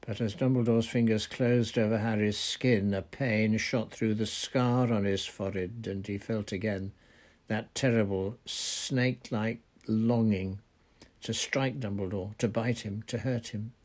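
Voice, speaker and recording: A man reading a novel aloud in steady, deliberate narration. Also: fairly low pitch. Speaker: reader. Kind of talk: audiobook narration.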